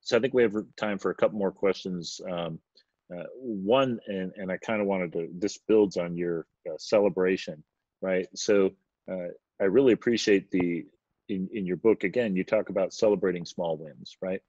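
A man hosting an interview over a video call, asking questions in a halting, casual way. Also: deep voice, darkish tone, no echo. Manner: halting, casual, thinks aloud. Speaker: host. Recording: dull lo-fi video call audio.

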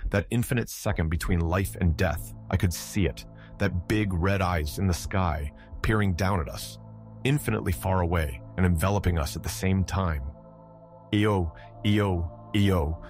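A man narrating a scripted horror story in a measured, dramatic way. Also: sits low. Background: faint music.

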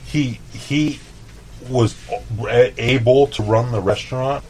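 A man's voice: mid-range voice, slow pace, darkish tone, slight background noise, poor audio. A man from El Paso, a chef guest telling laid-back, profane stories in a casual interview. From El Paso, Texas.

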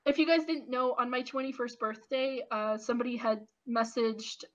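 A woman in her twenties giving casual, animated opinion commentary with lots of ums and restarts. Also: a little high, normal speed. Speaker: YouTube commentator. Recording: lo-fi dull audio.

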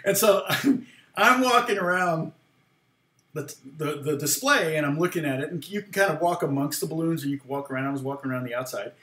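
A man's voice: on the high side, animated, a little fast, bright, forceful tone, echoey room. A man casually telling a long personal story, rambling, often laughing and acting out what people said. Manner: rambling, laughs often, acts out quoted lines. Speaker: guitar teacher and former worship leader.

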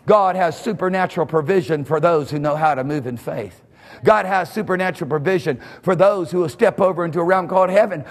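A male pastor gives a fervent sermon at a church service, speaking briskly while his voice trails off in a long reverb tail. He shifts without warning from shouts to a quiet, low voice and chuckles between phrases.

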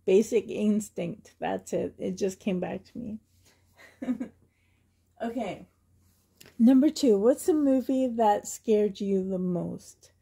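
A woman's voice: mid-range voice, slow pace, vocal fry, pauses often, dark tone, breathy edge. A woman from Canada vlogging in a chatty, rambling way, often laughing and getting emotional. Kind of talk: casual chatty tag video.

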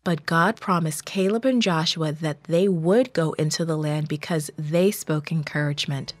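A woman reading a Bible story for children in a slow, measured, gentle manner. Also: low voice, dry recording, soft background music.

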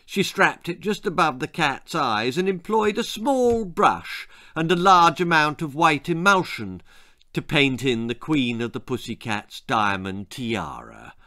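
A man reading his own darkly comic children's story aloud, theatrical and lively, voicing every character himself. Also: on the high side, no room sound, clean studio sound.

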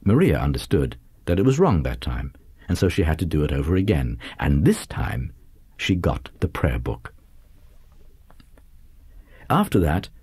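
A man narrating a literary audiobook in a measured, lively reading. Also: deep voice, slightly rough, no echo.

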